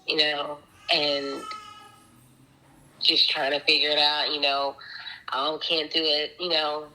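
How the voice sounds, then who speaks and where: A woman's voice: low voice, little pitch movement, slow, bright, forceful tone, a little hiss or hum, poor audio. A woman guest telling a personal story in a casual interview, chatty and rambling, with many fillers and restarts.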